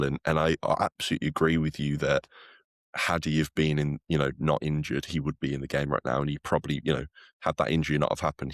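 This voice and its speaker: A man with an extremely deep, low voice chats casually about football as a podcast co-host. He rambles, restarts sentences and leans on fillers. The sound is dry and close. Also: no echo.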